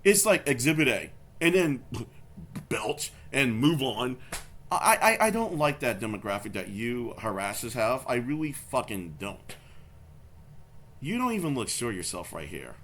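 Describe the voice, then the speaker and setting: A man's voice: medium pitch, sing-song, a little slow, fairly bright tone, a little hiss or hum. A man doing angry reaction commentary, confrontational and swearing, repeating his points over and over. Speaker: YouTube commentator.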